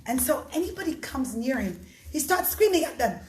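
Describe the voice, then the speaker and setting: High-voiced woman storyteller for kids, expressive, echoey room. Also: brisk, slight background noise. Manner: expressive, addresses the children often. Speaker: storyteller for children. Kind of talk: animated storytelling.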